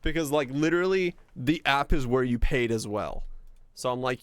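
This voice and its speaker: A man's voice: mid-range voice, fairly even intonation, normal speed, clean tone, no echo. A young man streaming live, chatting casually with viewers, ranting and swearing freely as he talks.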